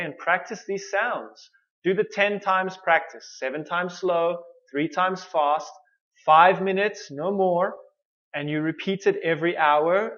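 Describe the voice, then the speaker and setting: A woman's voice: fairly low pitch, muffled recording. A woman teaching English pronunciation in an online lesson, drilling words syllable by syllable with careful repetition.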